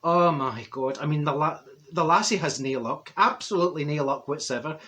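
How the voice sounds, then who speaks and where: A man's voice: on the high side, moderate pace, pushed and bright. A man playing a chatty, gossipy middle-aged Glasgow woman with a Glaswegian Scottish accent, rambling to camera with plenty of asides. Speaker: comedy character. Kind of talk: comic character monologue to camera. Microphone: camera set up nearby.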